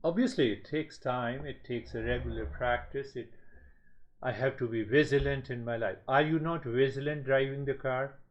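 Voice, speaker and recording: A man giving a spiritual talk as a teacher, speaking slowly in measured, repetitive phrases. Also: medium pitch. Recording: slightly dull lo-fi sound.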